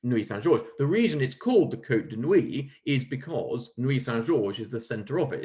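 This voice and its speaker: A man presenting wines at a virtual tasting, enthusiastic and chatty, with frequent ums and restarts. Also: mid-range voice. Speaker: wine merchant presenting a tasting. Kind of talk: casual virtual tasting talk.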